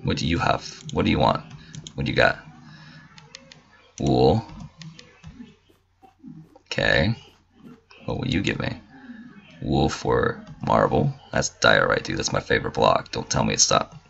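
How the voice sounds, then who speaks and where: A man with a very deep, gravelly voice that still comes through bright, chatting through a gameplay video. He swears freely and throws in mock-indignant asides. The recording is dull and lo-fi. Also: expressive, a little slow, long pauses, slight background noise. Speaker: gamer. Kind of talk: casual let's-play commentary.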